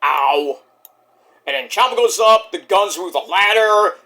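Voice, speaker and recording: Excitable, foul-mouthed man reviewing wrestling. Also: sits high, a little slow, vocal fry. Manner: excitable, profane, with sudden yelled exclamations. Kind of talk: casual review vlog.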